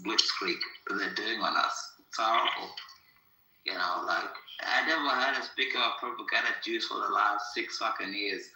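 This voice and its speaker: A man's voice: fairly low pitch, pushed and bright. A man hosting a podcast in casual chat, rambling, swearing and emphatic. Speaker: podcast host. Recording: echoey room.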